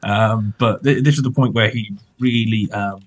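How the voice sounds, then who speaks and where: A man's voice: on the low side, fairly even intonation, normal speed, dry recording, poor audio. A man chatting casually about film history as a podcast co-host, rambling with lots of fillers and hedges.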